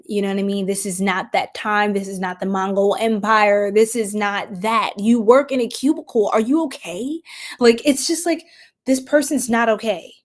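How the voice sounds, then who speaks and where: A young adult woman giving a casual tarot reading, chatty, laughing often and dropping into soft whispers. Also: medium pitch, fairly even intonation, normal speed. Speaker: tarot reader.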